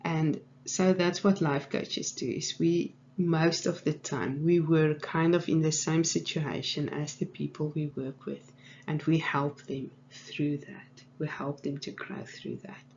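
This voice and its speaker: A woman, a life coach telling a teaching story in a relaxed way with fillers. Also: low-pitched, a little slow. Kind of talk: storytelling lesson to camera. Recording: dull audio, faint hum.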